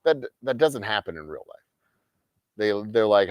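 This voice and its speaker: A man's voice: fairly low pitch, sing-song, normal speed, a little mellow, clear, resonant tone, dry recording. A man hosting a game night livestream, ranting in casual, profane talk and mocking people in sarcastic quoted voices. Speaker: host of a game night stream.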